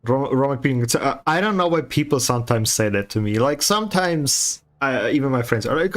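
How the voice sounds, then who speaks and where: A man's voice: medium pitch, lively intonation, brisk, few pauses. A man chatting casually with his stream viewers while painting, teasing and swearing with a sarcastic edge, chewing ice as he talks. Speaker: livestreaming artist.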